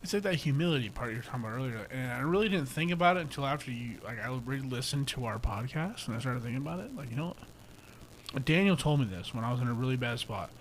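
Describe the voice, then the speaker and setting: A young man co-hosting a podcast in casual chat, swearing freely and acting out quotes from friends in a louder voice. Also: mid-range voice, fast talker, a little hiss or hum. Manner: profane, animated storytelling, acts out quotes loudly. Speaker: podcast co-host.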